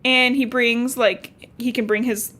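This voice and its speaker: Young woman podcast host, higher voice, chatty and slangy, from Cincinnati. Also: level tone, measured pace, bright, forceful tone. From Cincinnati, Ohio. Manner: chatty recapping with slangy asides and swearing. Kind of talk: casual book-podcast chat.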